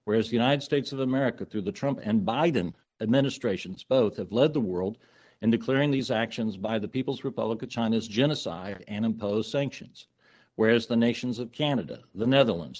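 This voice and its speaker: A man serving as county commissioner. He introduces and reads a formal resolution with some halting fillers. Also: mid-range voice. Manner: halting, with fillers, then steady formal reading. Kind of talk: formal resolution reading at a public meeting.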